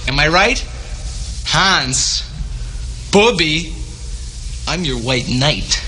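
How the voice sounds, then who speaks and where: An actor playing a cocky, fast-talking corporate negotiator with slick salesman patter. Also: on the high side, animated, sharp tone, slight background noise, full character voice. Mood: smug. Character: smug fast-talking male corporate deal-maker.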